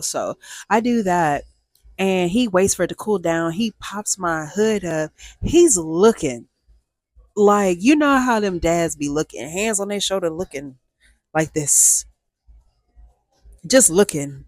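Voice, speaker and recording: A woman telling a casual storytime vlog with animated, oversharing delivery and playful spoken sound effects. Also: fairly low pitch, measured pace, no room sound, clean studio sound. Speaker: storyteller host.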